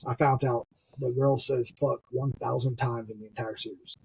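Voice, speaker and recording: A man's voice: medium pitch, steady tone, moderate pace, creaky, a little mellow, slight background noise, poor audio. A middle-aged man with a Southern US accent, a podcast guest talking casually, swearing freely and laughing often. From US Gulf Coast. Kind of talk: casual conversation.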